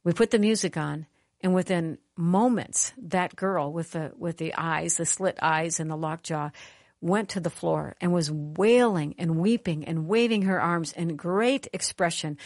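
Animated woman preaching, lowish voice. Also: measured pace, no echo, clean studio sound. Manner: animated, conversational, calls for amens. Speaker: conference speaker. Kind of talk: sermon with storytelling.

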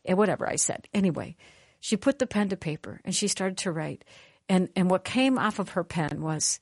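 An animated woman preacher tells a story in a lowish, conversational voice, urging the room to give her an amen. The sound is dry and close. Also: moderate pace, husky, dry recording. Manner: animated, conversational, calls for amens. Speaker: conference speaker. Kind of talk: sermon with storytelling.

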